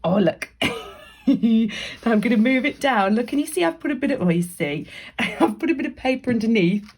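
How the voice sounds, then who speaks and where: A woman leads a children's drawing tutorial in a chatty, encouraging way, often dropping into soft whispered asides. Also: fairly high pitch, expressive, moderate pace, breathy edge. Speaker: library staff member leading a craft activity.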